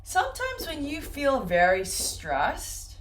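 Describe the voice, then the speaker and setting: A woman teaches English pronunciation at a very slow, deliberate pace. She says each word twice and stretches it out clearly for learners. Her pitch rises and falls in a lively, animated way. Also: slight background noise. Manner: repeats words slowly and clearly for learners.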